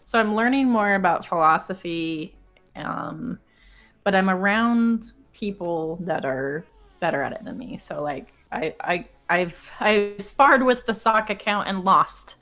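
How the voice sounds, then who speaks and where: A woman's voice: medium pitch, expressive, a little slow, fairly bright tone, faint music behind. A young woman chatting as a podcast guest, giggly and talkative. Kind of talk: casual chat.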